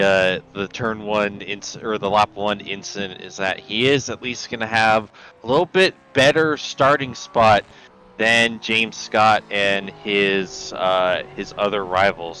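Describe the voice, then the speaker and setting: A man co-commentating a sim racing broadcast, measured with a dry sense of humor. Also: on the low side, sharp tone, slight background noise, rough recording.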